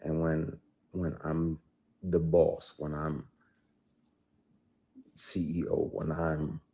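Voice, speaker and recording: Husky man, heated and emphatic. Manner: emphatic, swinging between low intensity and loud outbursts. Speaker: actor telling his story. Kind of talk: heated personal account, clip.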